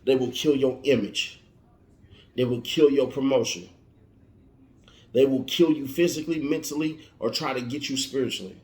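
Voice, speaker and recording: A man's voice: medium pitch, fairly even intonation, moderate pace, long pauses, a little mellow. A man giving an emphatic motivational monologue, warning and repeating his points like a preacher. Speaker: motivational speaker. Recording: roomy echo.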